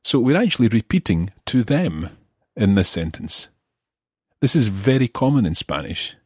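Man, deep voice, husky, patient step-by-step lesson, dry close sound. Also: big pitch swings, normal speed, darkish tone, dry recording. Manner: patient, methodical explaining. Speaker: language teacher. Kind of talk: explaining a language lesson.

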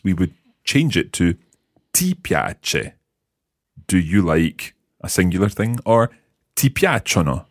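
Male language tutor: deep, husky, very animated intonation, encouraging. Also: no echo, clean studio sound. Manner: encouraging, patient questioning. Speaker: language teacher. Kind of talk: guiding a language lesson.

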